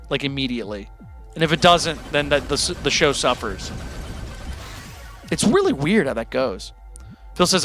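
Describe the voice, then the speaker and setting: Lively, bright-voiced male streamer talking candidly. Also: fairly high pitch. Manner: candid, rambling, self-deprecating. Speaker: livestream music host. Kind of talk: casual chat to a live audience.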